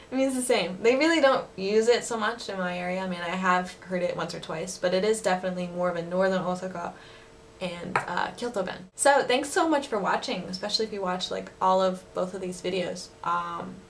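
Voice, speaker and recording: A woman's voice: mid-range voice, slight background noise. A young woman teaching words in a casual lesson, chatty, laughing often and using many fillers. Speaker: language teacher vlogger. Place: living in Osaka.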